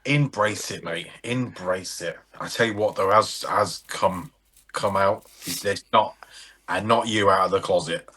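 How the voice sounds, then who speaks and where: A man's voice: low voice, measured pace, pushed and bright, a little hiss or hum. A man co-hosting a podcast, chatting casually in a rambling, jokey way and swearing freely. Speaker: podcast co-host. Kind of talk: casual banter.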